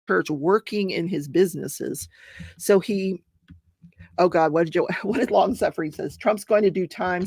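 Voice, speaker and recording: Gravelly woman chatting on a live stream, keeps jumping to viewer comments, middle aged. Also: lowish voice, dry recording, studio quality. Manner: rambling recap that chats with live viewers. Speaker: host of a live crafting and true-crime channel. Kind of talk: casual live-stream chat.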